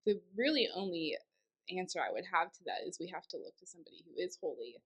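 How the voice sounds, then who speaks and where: A woman's voice: lowish voice, very animated, fast. A young woman, a podcast guest, talking through her thoughts in a loose, rambling way with fillers and restarts. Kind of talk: casual faith chat.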